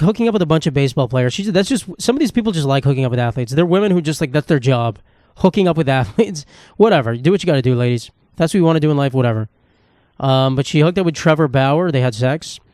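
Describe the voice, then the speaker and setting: A man's voice: fairly high pitch, darkish tone, smooth, no room sound, clean studio sound. A man hosting a podcast in a casual comedic monologue, ranting profanely and rambling with restarts. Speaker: podcast host. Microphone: podcast microphone.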